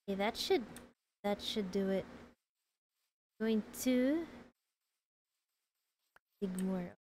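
A woman's voice: mid-range voice, expressive, extremely slow, darkish tone, slight background noise, low-quality recording. A woman streaming a game, chatting casually, answering chat and laughing often.

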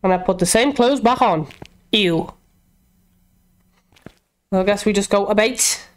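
A woman's voice: medium pitch, a little slow. A young woman, chatting and reacting as she plays a horror game, talking to herself and shrieking when scared. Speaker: gaming YouTuber. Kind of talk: casual let's-play commentary.

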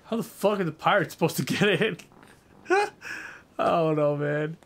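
Casual gameplay commentary comes from a young streamer who rambles, curses, and talks with his audience. His voice sits on the high side with a fairly bright tone, and he speaks a little slowly.

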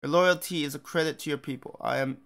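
A man's voice: a little high, fast, gravelly, a bit bright. A man voicing an earnest, polite young male elf leader. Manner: earnest, apologetic.

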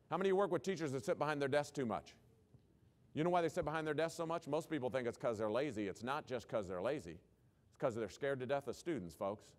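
A man who is a former principal, giving a keynote talk to school leaders with punchy rhetorical questions and folksy humor. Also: medium pitch. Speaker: education speaker, former principal.

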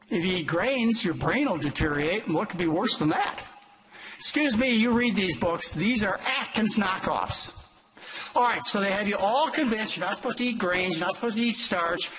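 An older man, a doctor, lecturing an audience in an emphatic, exhortative way with sudden leaps in pitch. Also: expressive, a little fast, pushed and bright, a little hiss or hum, low-quality recording. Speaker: doctor giving a talk.

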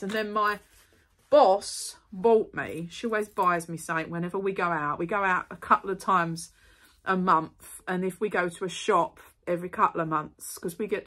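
A middle-aged woman, chatting casually to camera as she unboxes and shows off purchases, rambling with quick asides and apologies. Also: medium pitch, a bit bright. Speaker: vlogger.

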